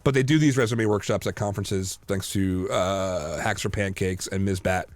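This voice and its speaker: A man co-hosting a casual podcast chat, telling lively stories full of fillers and restarts. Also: sits low, normal speed. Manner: animated storyteller, many fillers and restarts. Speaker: podcast co-host.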